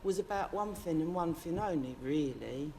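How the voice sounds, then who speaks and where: An animated woman with a low, warm voice speaks at a moderate pace, performing a comic character monologue to camera. Her role is a sweary, brash working-class man from London, and she rants with rambling passion in a London accent. There's slight background noise.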